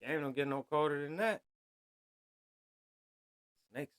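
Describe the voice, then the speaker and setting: A man's voice: fairly high pitch, slow pace, fairly bright tone, clean tone. A man hosting a solo podcast, talking bluntly in heavy street slang and lecturing his listeners. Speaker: podcast host.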